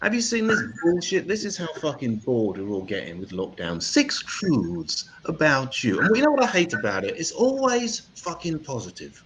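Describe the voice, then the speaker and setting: A comedian doing stand-up as MC, delivering crude, sweary deadpan one-liners. His pitch swings up and down a lot as he talks. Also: a little fast, hardly any pauses, slight background noise, rough recording.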